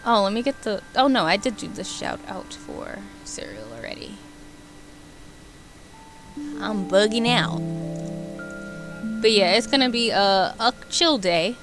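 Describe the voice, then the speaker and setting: A young woman streamer chatting casually with her viewers, animated and giggly, rambling between topics. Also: mid-range voice, a little slow, long pauses, faint music behind.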